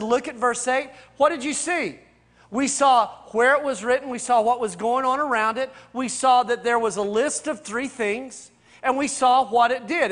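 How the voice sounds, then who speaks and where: A pastor with a strikingly high voice for a man, leading a Bible study class. He asks question after question, repeats his main points, and talks to his listeners like a friendly teacher. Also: fairly bright tone. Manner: addresses listeners directly and casually.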